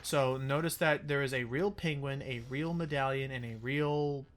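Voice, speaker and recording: A man's voice: mid-range voice, fairly even intonation. Rambling man commentating a game. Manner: rambling, quick asides, laughs at himself. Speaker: let's-play commentator. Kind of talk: casual gameplay commentary.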